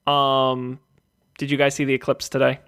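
A man hosting a casual tech podcast, talking quickly and joking with his co-hosts. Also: mid-range voice, completely flat delivery, fairly bright tone, clean tone. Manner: quick, joking, plugs the show. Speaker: podcast host.

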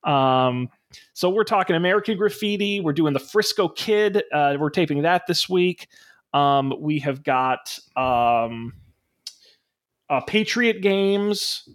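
Male podcast host, slightly raised pitch, chatty, upbeat, lots of ums and uhs. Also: lively intonation, slow pace. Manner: upbeat and enthusiastic when plugging the show. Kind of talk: casual tech podcast chat and show plugs.

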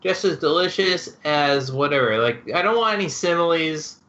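A man's voice: fairly high pitch, expressive, normal speed, sharp tone, highs cut off. A man riffing and joking in a casual comedic chat.

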